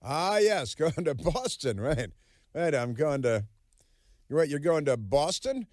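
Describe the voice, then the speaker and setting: A man's voice: fairly high pitch, big pitch swings, a little slow, darkish tone, dry recording. A man hosting a political talk radio show, delivering a sarcastic, mocking monologue with plenty of fillers.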